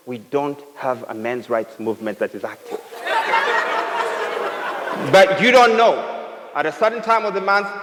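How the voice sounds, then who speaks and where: A man with a Kenyan accent giving a humorous talk to a live audience, telling comic stories and teasing the crowd. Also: fairly high pitch. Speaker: speaker. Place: event hall with a live audience. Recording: reverberant hall, faint noise.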